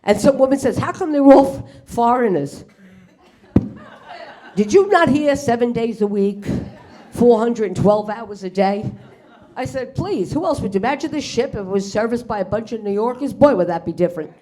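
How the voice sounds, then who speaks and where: Fairly quick and animated, with a slightly high, warm voice, a middle-aged woman does stand-up for a live comedy club audience. Her set features free swearing and acted-out characters in the punchlines.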